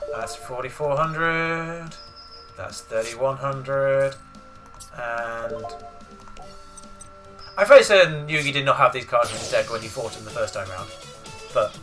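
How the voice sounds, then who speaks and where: A man's voice: medium pitch, pushed and bright. Chatty male let's play commentator. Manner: rambling, chatty explanations. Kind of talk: casual gameplay commentary.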